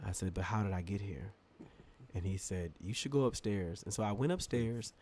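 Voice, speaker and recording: Slight background noise sits under this man's fairly low voice as he talks at a normal speed. He's a podcast co-host spinning a long, funny story in casual chat, an animated storyteller who laughs often and acts out what people said.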